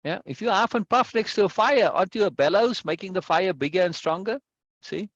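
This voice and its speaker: A man's voice: high voice, expressive, a little fast, a bit bright, no room sound. A man leading a discussion in a reflective, explanatory teaching talk, often checking in with his listener. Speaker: discussion leader. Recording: dull, dry lo-fi recording.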